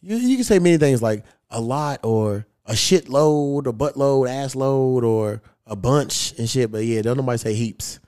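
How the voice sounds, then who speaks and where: Slangy, mellow-voiced man telling stories. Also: medium pitch, animated, normal speed, few pauses. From United States. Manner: loose storytelling, heavy slang and swearing. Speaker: podcast host. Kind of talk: casual profane chat.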